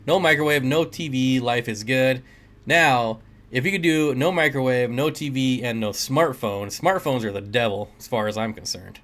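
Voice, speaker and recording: A man's voice: medium pitch, normal speed, a bit bright. A man hosting a casual livestream, reading chat comments aloud and joking with viewers, often laughing. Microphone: desk mic.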